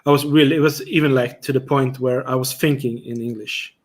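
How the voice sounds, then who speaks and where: Swedish male host, casual and animated, mid pitch. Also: brisk. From Sweden. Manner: animated, many "you know" fillers. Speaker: livestream host. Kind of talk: casual chat.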